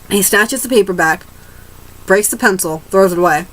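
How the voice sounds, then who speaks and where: A woman's voice: medium pitch, normal speed, a bit bright, poor audio. A teenage girl ranting to camera in a rambling, casual way, restarting her sentences and swearing freely. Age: teens. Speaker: vlogger.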